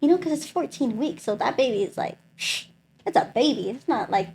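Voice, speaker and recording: A young woman sharing a personal faith testimony in an interview, telling her story in an animated way, acting out the voices of the people she quotes and saying "like" a lot. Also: on the high side, fairly quick, creaky, a little hiss or hum.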